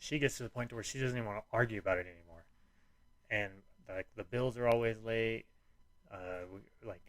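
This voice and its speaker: Low-pitched dude rambling thru a story on his podcast, lots of likes, dry close sound. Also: a bit bright, no echo. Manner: rambling, frequent "like" and restarts, swearing. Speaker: podcast host.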